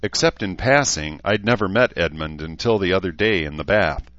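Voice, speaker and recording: Man reading a joking young man, self-mocking, deep voice, dry close sound. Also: lively intonation, normal speed, a bit bright, dry recording, lo-fi sound. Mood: earnest. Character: young man, wry self-deprecating joker.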